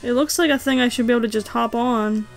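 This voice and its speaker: A woman playing through a game, making playful, deadpan quips as she goes. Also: on the high side, fast, creaky, soft background music. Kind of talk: casual gameplay chat.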